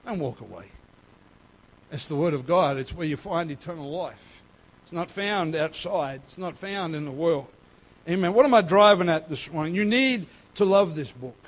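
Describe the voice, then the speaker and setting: A man giving a sermon as pastor, emphatic and swinging between loud and soft. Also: on the high side, breathy edge.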